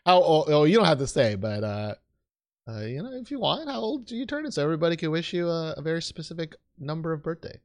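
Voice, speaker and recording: A man's voice: fairly high pitch, big pitch swings, brisk. A young man hosting a casual podcast, rambling and joking at himself with plenty of fillers. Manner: rambling, self-deprecating, with frequent fillers and restarts. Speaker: podcast host. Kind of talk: casual chat.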